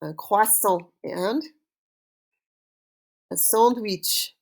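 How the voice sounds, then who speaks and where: A woman teaching a recorded French vocabulary lesson, saying words slowly for students to repeat and praising them often. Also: medium pitch, gravelly. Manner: slow call-and-repeat drilling with cheerful praise. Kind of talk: recorded online language lesson.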